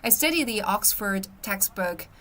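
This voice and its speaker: Chatty woman streaming, bright voice. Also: mid-range voice, lively intonation, a little slow. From China. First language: Chinese. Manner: chatty, reads out viewer comments, frequent "my friend" and "yeah". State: recovering from illness, coughing. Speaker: livestream host. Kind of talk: casual live-stream chat.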